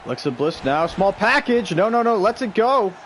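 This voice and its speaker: A man calls video game wrestling matches in a loose, casual stream commentary. His voice sits a little high, and he gets excitable, shouting out the big moves before drifting into chat with viewers. A faint hiss runs underneath. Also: normal speed. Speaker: stream host and play-by-play commentator.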